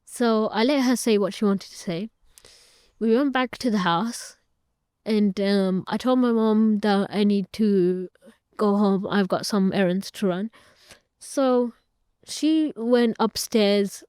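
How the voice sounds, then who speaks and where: A woman's voice: medium pitch, slow, warm tone, smooth, dry recording, studio quality. A young woman, a guest in an interview, earnestly recounting a personal story and retelling family conversations at length.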